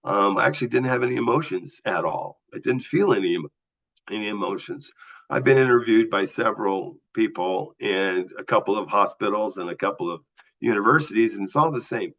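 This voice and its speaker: A man's voice: on the low side, fairly quick. A man telling a personal story as a podcast guest, vividly acting out the voices of the people he talks about. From US Southwest. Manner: animated storyteller acting out dialogue. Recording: slightly dull lo-fi audio.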